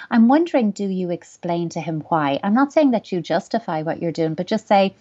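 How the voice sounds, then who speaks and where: A woman, a parenting expert, answers a listener's question in a thoughtful, reassuring, measured way. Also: mid-range voice, animated, mellow, lo-fi sound.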